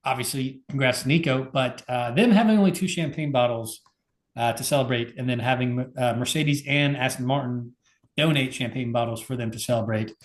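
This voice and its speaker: A man's voice: medium pitch, fairly quick, echoey room. A man co-hosting a podcast, talking in a laid-back, casual way with lots of fillers. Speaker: podcast co-host. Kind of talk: casual chat.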